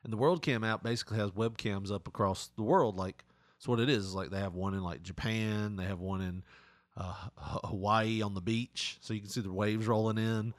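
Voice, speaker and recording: A man's voice: lowish voice, fairly even intonation, brisk, no echo. Man, crude podcast co-host, rambles and laughs, dry close mic. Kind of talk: casual chat.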